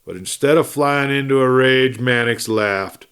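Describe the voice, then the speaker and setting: A man hosting a storytelling show, reading a western novel aloud in steady, measured narration. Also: medium pitch, clean tone. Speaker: storyteller host.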